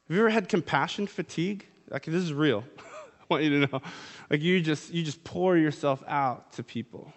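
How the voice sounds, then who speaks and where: A man's voice: on the high side, animated, moderate pace. A man preaching a sermon in a casual, conversational way, reading scripture aloud and then explaining it. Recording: long hall reverb.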